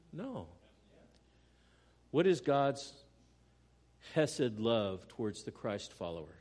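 A man's voice: medium pitch, wildly swooping pitch, slow, long pauses, a little mellow, in a large hall. Male pastor, mid-range voice, earnest preaching with dramatic dynamics. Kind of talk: sermon.

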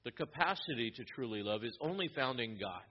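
A man's voice: medium pitch, lively intonation, fairly quick, a little hiss or hum. Man preaching a sermon, dull lo-fi sound. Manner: explanatory Bible teaching with frequent restarts. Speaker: pastor.

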